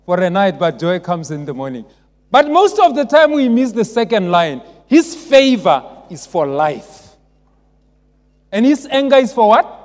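High-voiced man preaching in a church hall. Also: sing-song, unhurried. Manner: call-and-response, rising to emphatic shouts. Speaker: pastor. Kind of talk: sermon. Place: large church. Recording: long church reverb.

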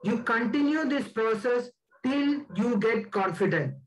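A man giving a slide presentation as a guest speaker, deliberate and stressing key words. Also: very high-pitched, expressive, low-quality recording.

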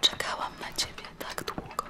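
A woman voicing a gentle carer speaking softly to a patient in a breathy whisper. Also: brisk. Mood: tender. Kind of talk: whispered dialogue.

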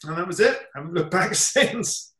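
A man in his fifties from England talks casually as an interview guest. He rambles with many ums and restarts, and his bright, forceful voice rings in a roomy echo. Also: high voice, animated, fairly quick. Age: 50s. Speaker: comic artist guest. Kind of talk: casual chat.

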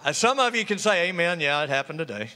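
A high, bright man's voice, swooping up and down as a pastor preaches and jokes with his congregation. His call-and-response sermon carries through a reverberant church hall. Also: very animated, fast. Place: church sanctuary.

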